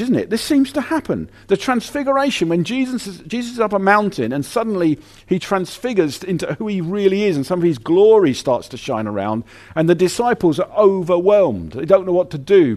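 A man preaching a sermon in an animated, conversational way, often restarting his sentences. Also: high-pitched.

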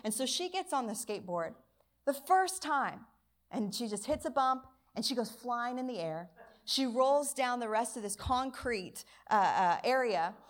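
In a church service, a woman pastor preaches a sermon and tells a story from her childhood, acting out the quotes with energy. Her voice sits on the high side, and she takes her time.

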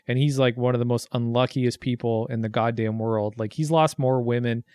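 A man's voice: mid-range voice, steady tone, normal speed, a little mellow, no room sound. A man in casual chat about a movie, easygoing and swearing freely, calling his friend dude and man. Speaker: movie watch-along co-host.

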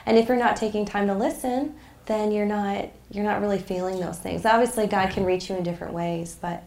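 A woman's voice: medium pitch, steady tone, a little fast, gravelly, a little mellow, reverberant. A woman guest on a faith podcast, talking in an earnest, reflective way and getting emotional as she shares. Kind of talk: casual faith conversation.

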